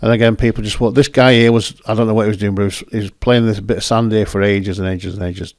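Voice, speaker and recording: A photographer hosting the clip speaks quickly in a fairly low, darkish voice with fairly even intonation. He chats and rambles over his photos, often correcting himself, and the recording is clean studio sound with no room sound.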